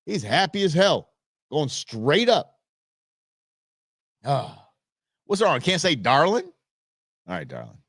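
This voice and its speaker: A man in his fifties hosts a show and tells a personal story in a loose, joking way. His pitch climbs and drops a lot as he acts out both sides of a conversation. His voice sits a little high for a man, and the sound is dry and close. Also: slow, creaky, long pauses, husky, no echo. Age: 50s. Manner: animated, joking, acts out quoted exchanges. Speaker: show host. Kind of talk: casual storytelling monologue.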